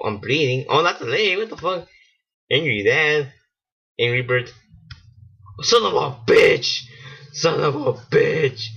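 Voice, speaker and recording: Male gamer host, excitable and foul-mouthed, husky, dull lo-fi mic with mouse clicks. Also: mid-range voice. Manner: excitable, swearing, laughing at himself. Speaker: gaming channel host. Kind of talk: casual let's-play commentary.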